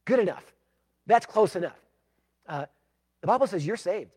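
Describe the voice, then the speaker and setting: A pastor preaching a sermon, emphatic, moving between loud declarations and hushed, pleading passages. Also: male voice, high-pitched, lively intonation, normal speed.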